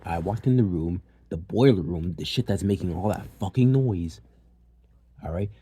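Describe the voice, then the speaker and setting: A young man recounts a story from his own life in a relaxed, rambling way. His voice sits low and mellow, with a husky, slightly rough edge. He swears freely and leans on fillers as he goes. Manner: loose and profane, with many fillers. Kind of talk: casual personal storytelling.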